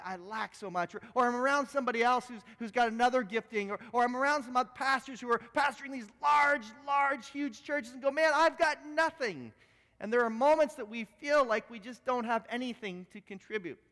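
A male pastor delivers a sermon in a fairly high voice, telling a story with frequent restarts and repeated words. His speech echoes with the long reverb of a church hall. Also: fairly bright tone. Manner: storytelling, repeats words as he talks, self-deprecating.

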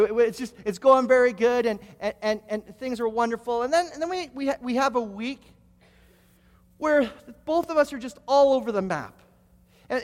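A man's voice: extremely high pitch, in a large hall. A male pastor preaching a sermon, telling stories with frequent stammered restarts.

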